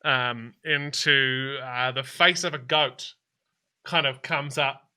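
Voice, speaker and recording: A man's voice: medium pitch, takes it slowly, bright, forceful tone. A man narrating as dungeon master in a tabletop game, rambling and hesitant, often laughing through his descriptions.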